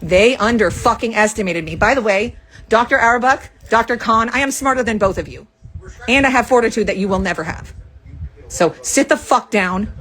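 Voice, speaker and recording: A woman venting angrily to the camera, firing off profane, rapid accusations from a rented room. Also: mid-range voice, a bit bright, husky. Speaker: vlogger. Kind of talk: angry venting monologue to camera.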